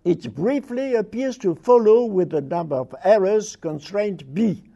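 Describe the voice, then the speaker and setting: Slow, halting man lecturing. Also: sits high, animated, vocal fry, mellow, highs cut off. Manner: halting, searching for words. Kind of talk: academic lecture.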